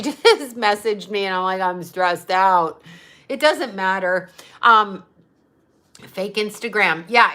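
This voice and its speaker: A woman's voice: medium pitch, pushed and bright. A woman, a psychic medium, chatting casually on a livestream, reading out comments and rambling in an exasperated tone, swearing freely, into a phone mic.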